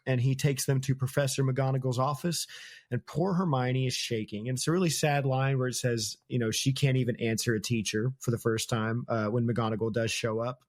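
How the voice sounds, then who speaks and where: A young American man hosting a podcast, casually retelling book chapters and laughing often. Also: mid-range voice. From United States. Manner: laughs often, paraphrases scenes in slangy voices. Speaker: podcast host. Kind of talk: casual book-discussion chat.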